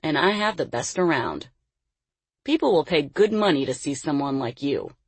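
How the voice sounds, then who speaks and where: A woman voicing a scheming middle-aged male sideshow boss in an audiobook, smooth and persuasive with a threat underneath. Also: sits low, sing-song, moderate pace, no room sound, exaggerated voice. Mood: coaxing. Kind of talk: audiobook character voice.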